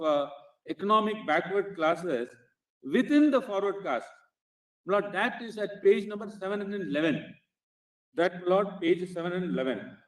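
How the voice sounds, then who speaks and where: Indian man arguing formally before a bench. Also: high voice. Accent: Indian English. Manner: formal, addresses the bench as "Lord" in nearly every phrase, with halting restarts. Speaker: advocate. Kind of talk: courtroom legal argument. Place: courtroom. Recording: echoey courtroom, speaker far from the mic.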